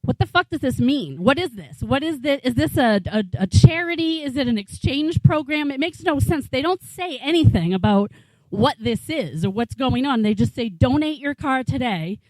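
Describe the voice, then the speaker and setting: A woman in her forties from New England, USA, performs a stand-up comedy set in a small bar, rambling, incredulous and swearing freely. Her voice sits high and expressive at a normal speed. The audio is poor, with no room sound.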